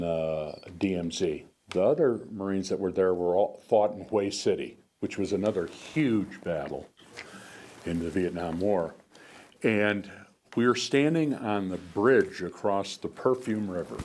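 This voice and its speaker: An older man with a lowish voice tells stories to a room, wandering through his sentences with fillers and restarts. A faint hiss sits under the recording. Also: a little mellow. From United States. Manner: rambling, frequent restarts and fillers. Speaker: guest speaker, veteran. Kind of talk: storytelling talk to an audience. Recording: faint background noise.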